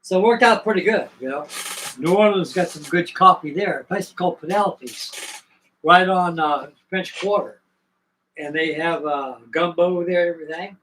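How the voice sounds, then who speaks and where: A man's voice: a little high, normal speed, a bit bright, recorded from a distance, a little hiss or hum, rough recording. An older man from Virginia, hosting a live stream, spinning a rambling, folksy story with restarts. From Virginia, USA. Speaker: host.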